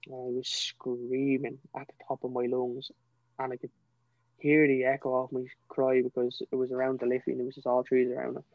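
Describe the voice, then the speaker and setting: A man's voice: mid-range voice, monotone, brisk, no room sound, narrow, tinny audio. A young man with a Dublin Irish accent, a podcast guest telling his personal story in an earnest, emotional way, often saying "you know". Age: young adult.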